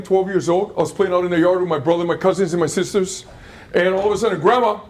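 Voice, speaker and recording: High-voiced man telling students a story. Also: darkish tone. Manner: interactive, asks the audience questions, repeats phrases. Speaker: motivational speaker at a school. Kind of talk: storytelling talk to schoolchildren.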